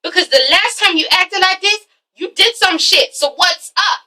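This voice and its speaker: A woman's voice: extremely high pitch, moderate pace, sharp tone, pitched above the performer's own voice, heavily acted. Jealous angry young man, confrontational, profane, a woman mimics him, far from mic.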